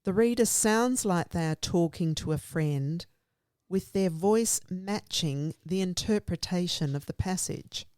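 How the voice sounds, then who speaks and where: Earnest and emphatic, an Australian guest speaker talks conversationally about teaching literacy, frequently organizing her points into lists. She has a fairly low, darkish voice and an unhurried pace, and the recording has no room sound.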